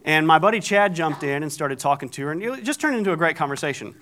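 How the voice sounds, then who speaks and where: A man's voice: a little high, lively intonation, fast talker, fairly bright tone, slight background noise. A middle-aged man preaching, telling a story with animation and acting out the people in it. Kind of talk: storytelling sermon.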